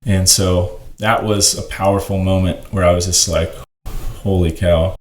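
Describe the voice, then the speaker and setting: A man's voice: deep voice, level tone, measured pace. A man earnestly telling a personal story on a podcast, rambling and full of "like". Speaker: ministry worker on a podcast. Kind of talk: casual storytelling. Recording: roomy echo, faint noise.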